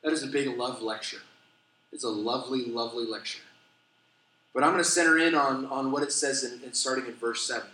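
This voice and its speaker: A middle-aged man preaching a sermon as a pastor, telling stories with animated, self-deprecating humor. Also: medium pitch, a little fast. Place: church sanctuary. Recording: echoey church hall.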